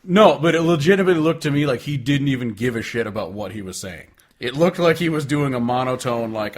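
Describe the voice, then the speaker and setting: A man in casual podcast chat, his voice sitting at an ordinary middle pitch. He talks sarcastically, leans on filler words and swears freely. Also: expressive, quick pace. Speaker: podcast co-host.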